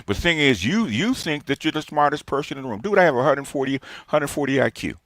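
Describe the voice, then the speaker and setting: A man's voice: medium pitch, big pitch swings, fast talker, fairly bright tone, no room sound, clean studio sound. A man in his sixties gives a ranting, lecturing response monologue as a streamer, emphatic and repeating his points. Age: 60s.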